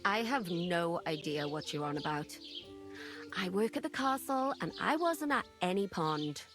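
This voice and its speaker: A woman playing a sharp-tongued young castle maid in a game, scornful and dismissive, heard with music behind. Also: fairly low pitch, animated, a little slow. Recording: game audio under music.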